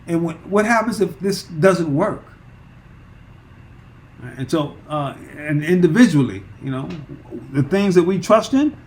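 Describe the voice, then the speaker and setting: A man teaching through a Bible chapter verse by verse, emphatic, with frequent repeats and fillers. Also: on the high side.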